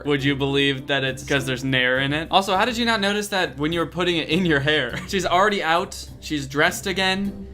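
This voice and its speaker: A man's voice: a little high, moderate pace, sharp tone. A young man giving comedic reaction commentary, sarcastic and incredulous, reading a story's lines aloud.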